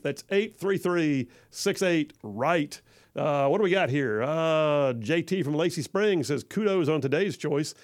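A man's voice: fairly high pitch, dry recording, clean studio sound. A man hosting a conservative talk radio show, chatting casually and acting out movie quotes with gusto. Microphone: studio microphone.

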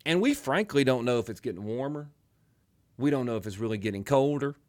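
A man's voice: medium pitch, expressive, brisk, darkish tone. A middle-aged man with a twangy Alabama accent hosting a talk radio show, rambling through casual banter with joking asides. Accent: Southern US (Alabama).

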